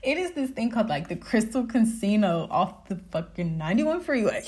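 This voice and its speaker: A young woman hosting her podcast, telling a story in casual chat, animated, laughing often and swearing freely. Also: mid-range voice, normal speed, hardly any pauses. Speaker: podcast host.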